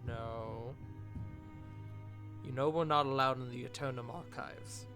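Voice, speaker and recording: A man's voice: mid-range voice, steady tone, a little slow, close to an everyday voice. Man playing a desperate young student mage, strained, pleading, music bed behind. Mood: earnest.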